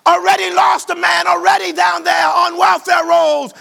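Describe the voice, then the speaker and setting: A man preaching a sermon, shouting in a sing-song cadence. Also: very high voice, little pitch movement, normal speed, gravelly, a faint crowd. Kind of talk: whooping sermon.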